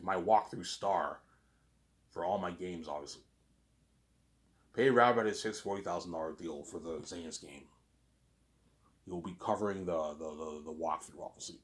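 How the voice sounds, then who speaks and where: Rambling man stammering, lively pitch. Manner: rambling, stammering repeats, keeps saying "obviously". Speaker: YouTuber. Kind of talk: casual monologue.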